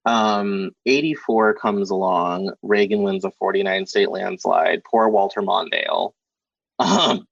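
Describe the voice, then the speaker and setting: A man hosting a podcast, reasoning through history in a measured way and prompting his guest. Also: low-pitched, fairly even intonation, vocal fry, no room sound. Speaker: podcast host. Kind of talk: casual political conversation. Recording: dull dry sound.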